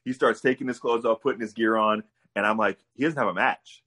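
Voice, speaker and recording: Husky low-voiced man telling a story. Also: fairly quick. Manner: animated storyteller, laughs while telling. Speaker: guest wrestler. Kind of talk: casual podcast storytelling.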